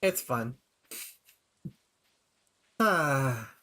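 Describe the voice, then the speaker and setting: A man's voice: medium pitch, drawn-out words. A man streaming a farming game with a friend, talking casually with frequent laughs and restarts. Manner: relaxed, laughs often, trailing restarts. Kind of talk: casual co-op gameplay chat.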